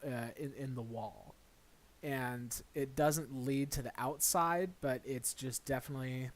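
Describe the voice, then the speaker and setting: A man serves as dungeon master, narrating a tabletop role-playing game in a relaxed, halting way full of fillers and restarts. His voice sits in the mid range.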